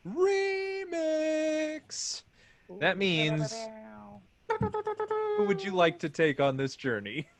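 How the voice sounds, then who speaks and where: A man's voice: on the high side, wildly swooping pitch, slow pace, long pauses, crowd noise. A man hosting an improv comedy game show, upbeat and explaining the rules.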